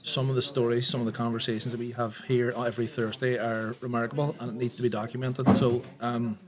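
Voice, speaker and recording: A man's voice: mid-range voice, little pitch movement, fast. A man, a community engagement officer, speaking steadily in a casual interview. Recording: background chatter of a group.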